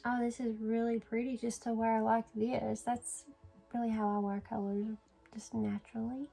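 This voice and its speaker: A woman's voice: on the high side, flat delivery, normal speed, gravelly, mellow, faint music behind, poor audio. A woman filming a casual makeup tutorial at home, chatty and sleepy, yawning and apologizing as she talks. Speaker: beauty vlogger.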